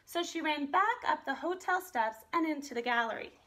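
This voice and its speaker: A woman art teacher reading a children's picture book aloud with an expressive, animated delivery. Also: high-pitched, moderate pace. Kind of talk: storybook read-aloud.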